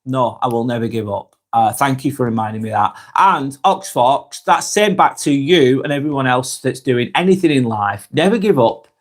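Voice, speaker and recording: A man's voice: medium pitch, moderate pace, few pauses. A man with a Lancashire accent, hosting a casual live stream and reading viewer comments aloud in a chatty, friendly way. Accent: Lancashire (Blackburn, Darwin). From northwest England. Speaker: live vlog host.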